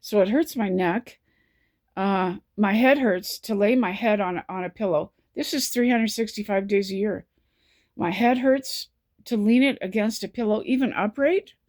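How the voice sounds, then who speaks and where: A woman talking to camera in a personal vlog, exhausted from no sleep, close to tears, with halting, repetitive speech. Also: medium pitch, a little mellow.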